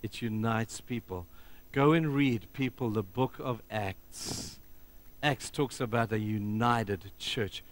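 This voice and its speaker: A middle-aged man preaching a sermon as pastor, telling stories emphatically and swinging between loud passages and hushed ones. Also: fairly low pitch, takes it slowly.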